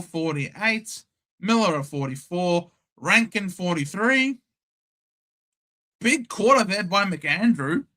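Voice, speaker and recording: A young Australian man hosts a casual live sports watchalong stream, cheekily bantering with chat and reading out scores. His voice is high-pitched and bright with a forceful tone.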